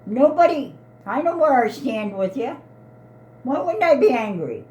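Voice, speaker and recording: A woman's voice: fairly high pitch, sing-song, measured pace, darkish tone, highs cut off. A woman in her eighties, an elderly mother, arguing in an upset, pleading way and repeating herself. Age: 80s. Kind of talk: heated family argument.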